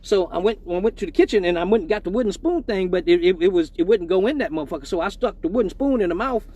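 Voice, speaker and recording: Male live-stream host, high-pitched, profane and laughing, casual storytelling. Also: animated, fast, dark tone, lo-fi sound.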